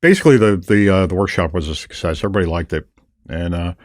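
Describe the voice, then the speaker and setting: Older man telling stories, low voice. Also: quick pace, dry recording, clean studio sound. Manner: storytelling, animated retelling of encounters. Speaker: podcast host. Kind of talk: casual conversation.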